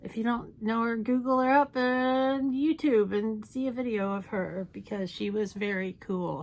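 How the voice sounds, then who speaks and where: A woman's voice: a little high, measured pace, hardly any pauses, a little mellow. A woman chatting casually through a makeup tutorial, playful and self-mocking. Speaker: makeup YouTuber.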